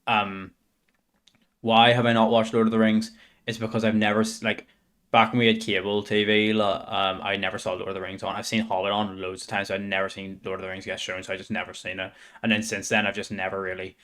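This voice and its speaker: A man's voice: lowish voice, flat delivery, brisk, fairly bright tone. A man in his twenties chatting casually and hesitantly on a reaction stream. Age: 20s. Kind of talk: casual chat.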